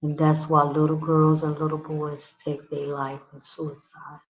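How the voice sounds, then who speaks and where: Slow, flat-voiced woman in a heartfelt monologue. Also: low-pitched. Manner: repetitive, emphatic, speaks straight to the listener. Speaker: channel host. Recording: dull lo-fi recording.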